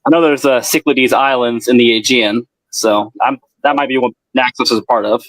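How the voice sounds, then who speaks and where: A man chimes in on a casual podcast chat with an average-pitched voice. He hesitates and thinks out loud, filling gaps with uhs. He speaks in an easy, conversational way. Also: steady tone, normal speed, low-quality recording.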